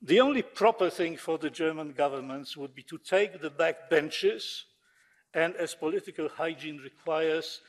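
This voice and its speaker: A man delivers a formal parliamentary speech, sharp and sarcastic in its jabs. His voice sits somewhat high for a man. It carries the long echo of a large debating chamber. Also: normal speed. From Poland. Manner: sarcastic, combative oratory. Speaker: member of parliament. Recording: long reverb of a large hall.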